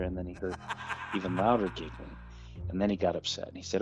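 A man's voice: sits low, little pitch movement, a little fast, highs cut off, faint music behind. A man telling a ghost story about an old theater in a casual, rambling way, with many fillers and restarts.

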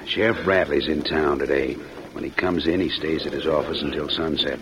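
An actor playing a scheming outlaw who talks in a smooth, coaxing way in an old radio drama. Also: male voice, very deep voice, steady tone, moderate pace, background noise. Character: scheming scarred male outlaw, sly and persuasive. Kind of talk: 1940s radio acting. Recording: dull old radio recording.

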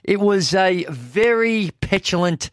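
Man, radio co-host, wry, animated, very lively pitch, higher voice. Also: slow pace, no echo, clean studio sound. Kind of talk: casual sports talk radio chat. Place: radio studio.

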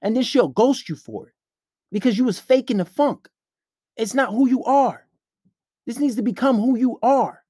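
A man's voice: very high-pitched, lively intonation, moderate pace, pauses often, warm tone, husky, no echo, clean studio sound. A man hosting a podcast, giving blunt, profane dating advice in a preachy, casual rant. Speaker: podcast host.

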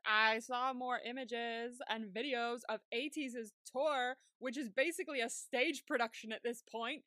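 Young woman, podcast co-host, bright voice on a dry, close mic, chatty and quick to laugh. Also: on the high side, fairly even intonation, no room sound. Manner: chatty, laughs often, acts out her own reactions. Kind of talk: casual chat.

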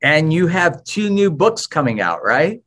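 A man's voice: a little high, sing-song, measured pace, fairly bright tone. Friendly male podcast host. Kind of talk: casual interview.

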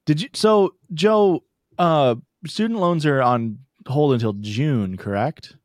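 A young man co-hosts a casual podcast, trading playful, teasing banter and slipping into goofy bits. His voice sits on the high side and moves at a slow pace, captured in a dry, studio-quality recording.

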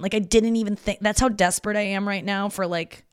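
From her parents' house, a young woman hosts a casual solo podcast, chatty and confessional with plenty of filler words. Her medium-pitched voice moves fairly quickly and sounds clean, with no room sound and a clean studio quality.

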